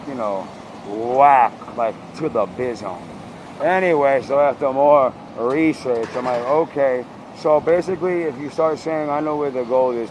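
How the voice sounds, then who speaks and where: A man's voice: mid-range voice, a little hiss or hum. A man improvising a rambling, slangy comedic rant as host, mock-interviewing someone.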